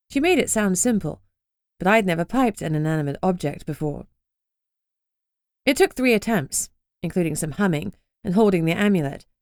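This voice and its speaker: A woman's voice: on the low side, a little mellow, no room sound, clean studio sound. A woman narrating a first-person urban fantasy audiobook in a wry, sardonic way.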